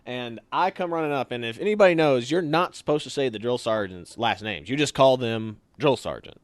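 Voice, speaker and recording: A young man casually telling a story, animated and acting out what others said. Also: a little fast, dry recording. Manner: animated, acts out quotes with sudden higher shouts. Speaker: storyteller guest.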